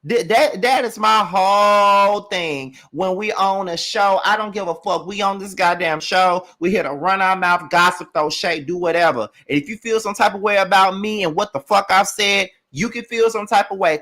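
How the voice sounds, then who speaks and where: At a moderate pace, a man with a high, somewhat bright voice rants through a recap of a reality TV show, swearing heavily and addressing his viewers directly.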